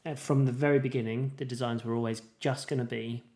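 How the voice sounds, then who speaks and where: A man's voice: medium pitch, steady tone, fast, mellow. A man co-hosting a podcast in casual chat, rambling with lots of fillers and restarts. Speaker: podcast co-host.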